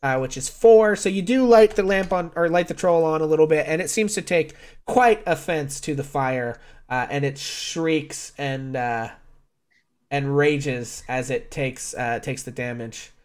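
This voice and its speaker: Male game master, slightly high voice, loose narrating with lots of ums. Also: a little slow, smooth. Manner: relaxed, with frequent fillers.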